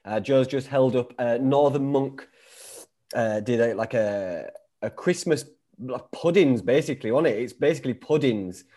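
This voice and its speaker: A man's voice: mid-range voice, moderate pace, mellow. A man hosting a podcast, bantering casually over a video call. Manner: banterous, joking, swears casually. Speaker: podcast host.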